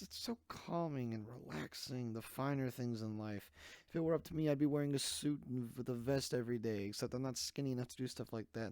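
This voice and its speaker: This young man runs his podcast alone, sarcastically rambling through one tangent after another in a casual rant recorded on a desk microphone in a small room. His mid-range voice is a little mellow, with clean studio sound and no echo.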